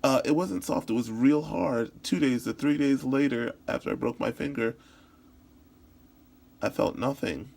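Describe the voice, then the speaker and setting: A man voices a signed story into spoken English as interpreting practice, telling it in the first person. His voice is gravelly with vocal fry. His delivery is halting, full of restarts and repeated words. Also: medium pitch, a little mellow. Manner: halting, with frequent restarts and repetitions.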